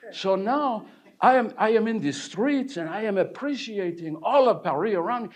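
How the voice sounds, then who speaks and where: A man playing a theatrical French painter storyteller. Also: high voice. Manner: animated, joking with the audience. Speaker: actor portraying a painter. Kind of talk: live one-man character performance. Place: village hall, live audience.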